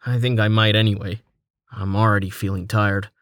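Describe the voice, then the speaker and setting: A man's voice: fairly low pitch, flat delivery, moderate pace, a bit bright, dry recording, studio quality. A man voicing a worn-out young male adventurer in an audiobook, speaking in weary, clipped sentences. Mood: tired.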